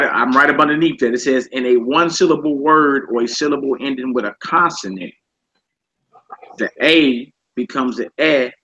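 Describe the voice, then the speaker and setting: A man teaching a class, reading from a book and explaining slowly, repeating each word and often asking "all right?". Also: medium pitch, pushed and bright. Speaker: Hebrew teacher. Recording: muffled lo-fi class recording with faint noise.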